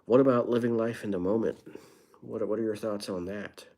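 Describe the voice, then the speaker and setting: A man's voice: fairly low pitch, fairly even intonation, fairly quick, dark tone. Wry young man chatting on a live stream. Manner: wry, rambling, self-deprecating asides. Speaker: livestreamer. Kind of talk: casual live stream chat, reading viewer comments.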